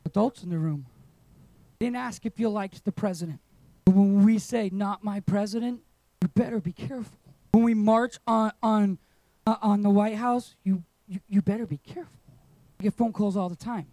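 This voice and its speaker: High-voiced man preaching with shouting bursts. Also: normal speed, no room sound, rough recording. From England. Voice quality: animated preaching, voice surging to shouts on emphasis. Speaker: pastor. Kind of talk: sermon. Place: church auditorium.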